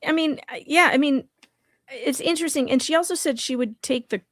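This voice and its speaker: A woman co-hosting a casual livestream chat, teasing and chiming in with quick asides. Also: high-pitched, no room sound, clean studio sound.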